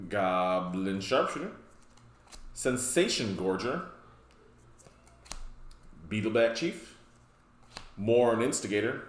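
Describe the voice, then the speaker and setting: A man's voice: medium pitch, fairly bright tone. A man hosting a casual card game deck walkthrough, rambling with joking asides. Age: adult, past his youth. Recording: roomy echo.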